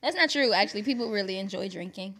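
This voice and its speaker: A woman's voice: medium pitch, animated, fast, fairly bright tone. A woman guest, a musician and actress, joking and laughing in casual slangy talk. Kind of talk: casual chat.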